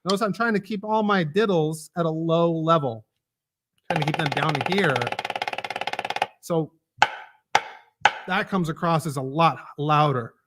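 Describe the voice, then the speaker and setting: A man's voice: fairly high pitch, a little slow, pauses often, over loud music. A man giving a casual drum lesson, explaining rudiments and counting off exercises as he plays. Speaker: drum instructor. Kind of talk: live online drum lesson. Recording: loud drumming and clicks behind.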